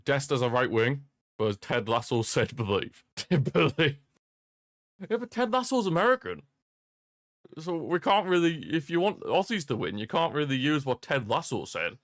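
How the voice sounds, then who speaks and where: Chatting casually with his viewers, a young man hosts a football watchalong stream, rambling and frequently chuckling into a streaming microphone. His fairly high voice is very animated at a normal speed, captured in clean studio sound with no room noise.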